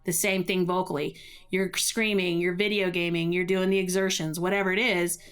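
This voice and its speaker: A woman's voice: fairly low pitch, flat delivery, moderate pace, a bit bright, clear, resonant tone. A middle-aged woman, a vocal coach, explaining voice care in a podcast interview. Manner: explanatory, uses running metaphors.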